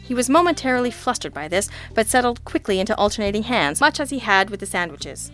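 A woman narrating an audiobook in the first person. Her delivery is deadpan with a sardonic edge. She keeps an even, steady reading voice. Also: fairly high pitch, fast talker, soft background music.

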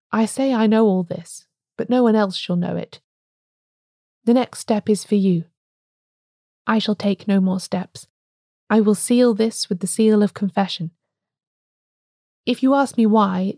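A calm, grave old priest-detective speaks quietly and gently, unhurried and sure, as a woman reads him aloud. The voice is mellow, and the recording is dry and close. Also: medium pitch, no echo.

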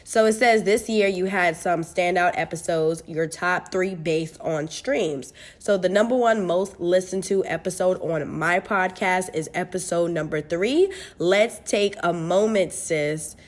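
A young woman from the United States hosting her own podcast, talking casually and candidly, swearing freely and getting animated. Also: on the low side, unhurried, few pauses. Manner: candid, profane, animated with bursts of laughter. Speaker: podcast host. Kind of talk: casual solo podcast chat.

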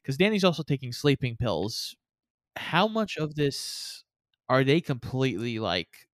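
A man co-hosting a casual podcast, summarizing a movie's plot in a measured, plain way. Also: mid-range voice, sing-song, dry recording. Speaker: podcast co-host. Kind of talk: casual chat recapping a movie.

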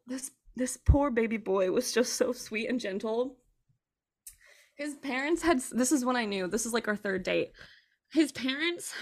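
Bright chatty woman on a podcast, kinda high voice, says like a lot, laughing as she tells stuff. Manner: animated storytelling full of "like" and laughter. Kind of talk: casual podcast chat.

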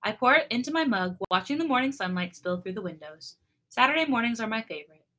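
A woman's voice: fairly high pitch, fast. A woman co-hosting a podcast, reading a fan fiction love story aloud with a light, giggly manner. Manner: giggly, reacts with laughter, steady storybook reading.

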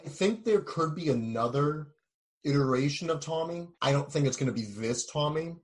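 A man speaking casually as an actor being interviewed, with a baritone voice and a relaxed, filler-heavy way of talking. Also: moderate pace. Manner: laid-back, frequent "like" fillers, jumps up in pitch when animated.

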